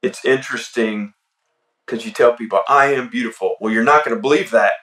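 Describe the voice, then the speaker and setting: A man who is a podcast guest, speaking in a relaxed, reflective way and often softly. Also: medium pitch, a little fast, distant mic. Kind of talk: casual podcast conversation.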